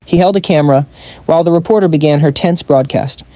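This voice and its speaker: A man giving brisk scripted narration of a comic recap. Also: a little high, mellow, no echo.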